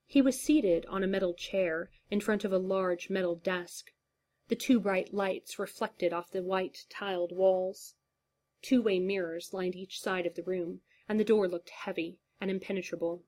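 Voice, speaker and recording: Woman narrating a fanfic story, kinda low voice, calm even reading. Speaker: story reader. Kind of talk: reading fan fiction aloud.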